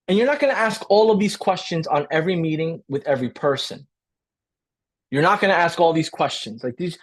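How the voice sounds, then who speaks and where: Coaching a live training webinar full of energy, a man repeats his ideas and regularly checks in with "right?". He performs quick role-plays of client dialogue, and his high voice is slightly rough.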